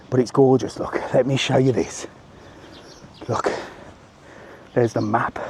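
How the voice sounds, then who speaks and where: A man's voice: medium pitch, a little hiss or hum. A middle-aged man giving a chatty live walking tour of a hotel resort, talking to his phone camera as he goes. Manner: chatty, animated, keeps saying "look". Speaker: travel vlogger. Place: outdoors around a hotel resort.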